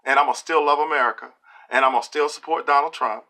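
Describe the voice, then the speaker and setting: A middle-aged man giving an opinion monologue to camera, emphatic and preachy, often pausing to ask "okay?". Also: on the high side, fairly even intonation, bright, forceful tone. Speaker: video blogger.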